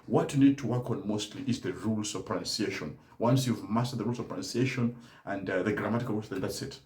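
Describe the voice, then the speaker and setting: A man's voice: fairly low pitch, quick pace, darkish tone. Emphatic man, roomy sound. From Kenya. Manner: emphatic, tags statements with "right?". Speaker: German teacher. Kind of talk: live-stream talk to learners.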